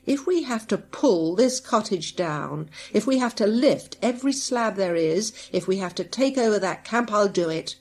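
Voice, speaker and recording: Woman reading drawling crook boss, menacing, slow and loud. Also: medium pitch, expressive, a little hiss or hum, natural voice. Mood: sharp, angry. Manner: drawling, turns sharp and angry. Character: drawling gruff male gang boss, menacing.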